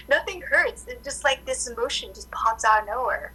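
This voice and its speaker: Woman, acupuncturist, casual storyteller, lots of fillers, bright tone, tinny phone sound. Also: high-pitched, moderate pace, slightly rough. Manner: animated storytelling, many "like" fillers. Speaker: acupuncturist guest. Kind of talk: casual interview chat.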